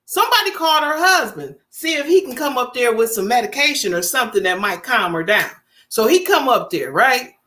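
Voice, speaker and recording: Animated woman telling stories with big swoops. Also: on the high side, a little fast. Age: 50s. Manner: animated storytelling, laughing, dramatic swoops. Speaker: vlogger. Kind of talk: casual live-stream chat.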